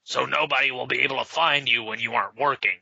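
A man reading aloud and voicing a gruff, contemptuous grown vigilante with curt, scornful lines. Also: mid-range voice, steady tone, fast talker, bright, forceful tone, no room sound, heavily acted. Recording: slightly dull lo-fi sound.

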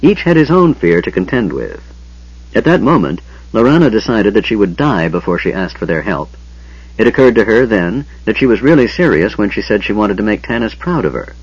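A husky, low-pitched male voice narrates a fantasy audiobook, with an animated rise and fall in his pitch. The recording is dull and lo-fi, with the top end muffled. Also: a little fast. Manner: expressive, dramatic storytelling.

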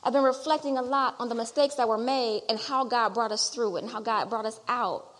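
A middle-aged woman preaching a sermon and telling her own testimony. She repeats phrases as she builds toward loud exhortation. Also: on the high side, fairly quick. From Detroit area. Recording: long hall reverb.

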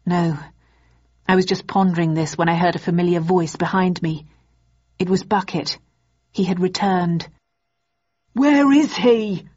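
A woman reading a first-person novel aloud in a measured, even storytelling manner. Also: fairly low pitch, husky, dull audio. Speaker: audiobook narrator.

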